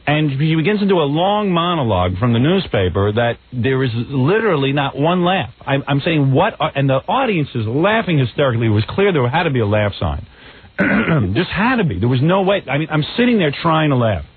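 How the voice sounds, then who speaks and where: A man's voice: on the high side, big pitch swings, fairly quick, husky, no room sound. Blunt, mocking radio host in his forties. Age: 40s. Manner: blunt, mocking, stammers on restarts. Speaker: radio talk show host. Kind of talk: casual radio chat. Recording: tinny narrow radio broadcast.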